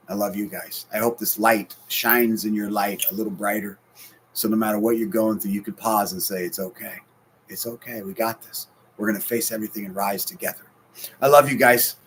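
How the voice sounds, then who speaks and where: Emotional man preaching, loud then hushed. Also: fairly low pitch, slight background noise. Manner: emotional, swings between loud bursts and hushed near-whispers. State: sleepless and stressed. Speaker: pastor. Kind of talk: sermon.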